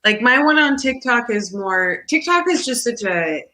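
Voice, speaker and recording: Bright-toned woman tarot reader chatting. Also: on the high side, lively intonation, moderate pace. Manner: chatty, explains at length. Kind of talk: casual chat.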